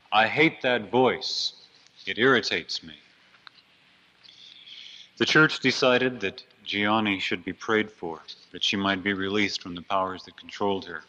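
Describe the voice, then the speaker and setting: A man's voice: fairly low pitch, sharp tone. A man preaching a storytelling sermon, earnest and dramatic, swelling on key phrases. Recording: dull lo-fi recording.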